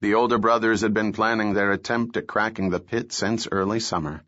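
A man reading a novel aloud as an audiobook, telling the story in a steady, measured way. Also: on the low side. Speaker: narrator. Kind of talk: scripted audiobook narration. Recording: dull lo-fi recording.

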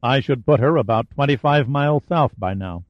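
A man voicing a tough male military hero who talks in a dry, sardonic, steady way, on a dry, slightly dull recording. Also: mid-range voice, normal speed, dry recording, natural voice. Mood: defiant.

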